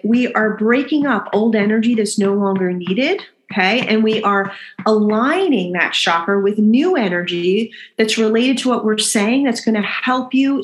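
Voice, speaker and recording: Gentle woman guiding a chakra exercise. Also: fairly high pitch. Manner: gentle, instructive, repeats "okay?" as she guides. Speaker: energy healer guiding an exercise. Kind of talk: guided chakra tapping session.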